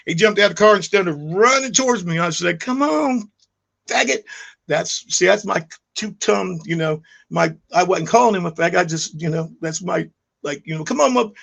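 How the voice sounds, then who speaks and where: Gravelly middle-aged man ranting a story. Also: a little high, moderate pace, fairly bright tone. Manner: rambling, heated, frequent restarts and fillers. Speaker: YouTube vlogger. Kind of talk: casual storytelling vlog.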